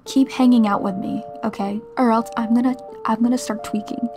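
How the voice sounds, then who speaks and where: A 21-year-old streamer from Massachusetts, USA, answers viewer questions in a casual vlog, chatty and playfully poking fun at herself. Her voice is a little high and dark in tone, with fairly even intonation and a brisk pace that hardly pauses. Soft music plays in the background.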